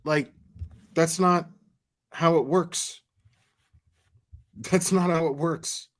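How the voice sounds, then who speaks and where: A man doing casual live commentary, telling profane, animated anecdotes and laughing often. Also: fairly high pitch, very slow. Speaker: commentary streamer.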